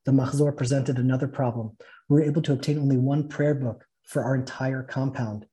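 A man with a dark, mid-range voice and fairly even intonation speaks a little fast as he teaches a spiritual fellowship session. He tells and reads aloud a story, earnest and full of feeling.

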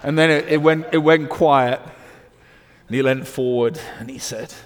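A man with a British accent preaching a sermon, swinging from loud emphatic declarations to hushed storytelling. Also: on the high side, steady tone, measured pace, in a large hall.

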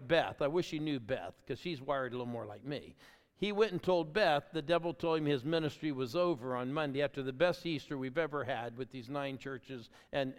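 Older guy pastor telling stories from the pulpit, pumped up, kinda high voice, big echoey church. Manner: exuberant, calls on the crowd to applaud. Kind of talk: energetic sermon storytelling. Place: large church auditorium. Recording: long hall reverb.

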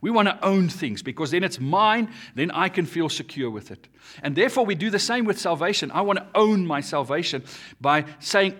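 A man preaching an earnest sermon, rising and dropping in pitch and volume as he makes his points. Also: lively intonation, brisk, a bit bright. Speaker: pastor.

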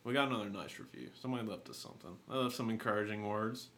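A man's voice: on the low side, racing, fairly bright tone. A young man co-hosting a podcast in laid-back, slangy casual chat. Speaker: podcast co-host.

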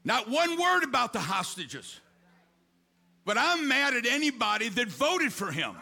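A middle-aged male pastor preaching a fiery, impassioned sermon with shouted declarations. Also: very high-pitched, big pitch swings, a little slow, gravelly.

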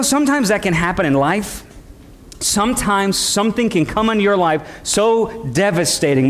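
A man preaching a sermon as pastor, acting out the voices of the people he describes and calling for responses from the congregation. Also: high voice. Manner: preaching, acts out quoted voices, calls for audience response.

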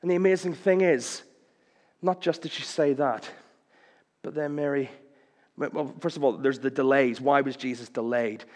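A man's voice: moderate pace, pauses often, a little mellow, in a large hall. A man preaching a sermon, impassioned, acting out quoted cries as his voice rises. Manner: impassioned, acts out quoted cries with rising pitch.

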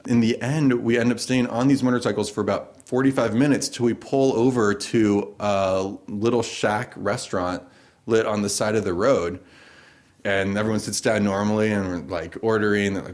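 A man's voice: fairly low pitch, moderate pace. Laughing American man telling a story. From United States. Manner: casual, laughs through the funny parts. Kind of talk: personal story told live.

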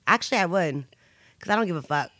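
A woman's voice: fairly low pitch, expressive, quick pace, a bit bright, no echo. A woman co-hosting a casual podcast, blunt and teasing with the guys. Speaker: podcast co-host. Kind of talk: casual chat.

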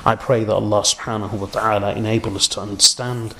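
A man preaching a sermon, telling an old story with earnest feeling and Arabic religious phrases, sinking to a hushed voice at the most moving points. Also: lowish voice, little pitch movement, quick pace.

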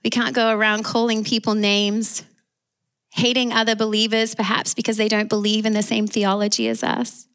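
Preaching emphatically with an Australian accent, this woman warmly calls for amens from her listeners in a call-and-response style. She speaks at a moderate pace in a medium pitch that doesn't move around much.

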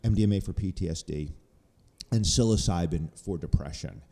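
Deep-voiced analytical man in a reverberant room. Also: normal speed, warm tone. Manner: analytical, explains research in long runs. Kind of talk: casual chat.

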